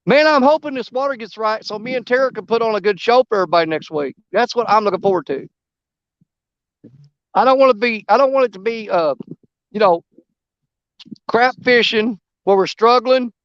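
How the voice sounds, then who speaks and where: This man's voice sits high and he talks briskly with long pauses, the audio dull and free of echo. He's livestreaming while fishing from a riverbank, rambling easily and greeting his viewers by name.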